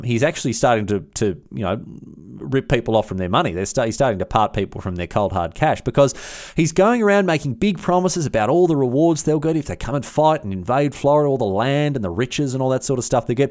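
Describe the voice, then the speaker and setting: A man's voice: mid-range voice, a little mellow. A man hosting a history podcast, retelling events in a chatty, irreverent way with slang and frequent restarts. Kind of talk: casual history storytelling.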